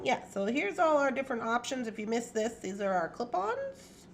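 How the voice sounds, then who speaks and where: A woman's voice: on the high side, sing-song, moderate pace, slight background noise. A woman hosting a casual jewelry-making livestream from her home craft space, chatty and playful, laughing often. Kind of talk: casual chat.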